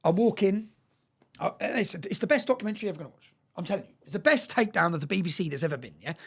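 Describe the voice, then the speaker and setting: A man telling a story in an interview, talking fast, swearing and repeating words, often asking "yeah?". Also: high-pitched, expressive, creaky, fairly bright tone, husky. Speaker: interview guest.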